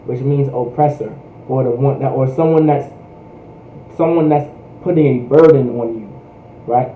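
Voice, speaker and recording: A man's voice: mid-range voice, normal speed, a little hiss or hum. A man teaching a language class, talking casually and checking in with "right?" after nearly every phrase. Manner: repeats "right?" and "all right?" constantly. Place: US, Hampton Roads area. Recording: roomy, dull livestream audio.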